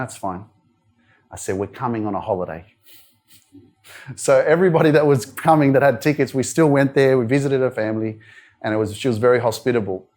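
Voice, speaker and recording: Young Australian motivational speaker, candid and loose, filler-heavy storytelling at a live event. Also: male voice, mid-range voice. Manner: candid storytelling, frequent "like" and "you know" fillers. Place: wellness centre event room.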